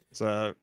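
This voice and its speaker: Dry-sounding man, chatty. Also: no room sound. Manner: chatty, laughs often. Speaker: guest streamer. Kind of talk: casual podcast chat.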